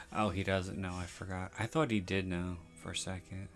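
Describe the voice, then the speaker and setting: A man hosting a podcast, reviewing a TV episode in rambling, casual, profane chat. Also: deep voice. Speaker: podcast host.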